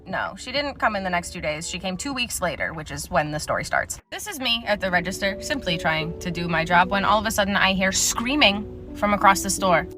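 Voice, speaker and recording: A woman's voice: medium pitch, lively intonation, fairly quick. Exasperated woman, storytime about work, sarcastic, music underneath. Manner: sarcastic, exasperated, swears casually. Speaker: retail worker telling a story. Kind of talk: casual storytime.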